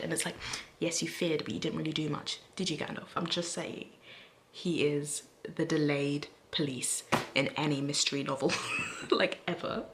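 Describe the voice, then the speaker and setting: Chatty woman book vlogger: excitable, a bit low-pitched, fond of whispered asides. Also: normal speed, slight background noise. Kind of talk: casual reading-reaction vlog.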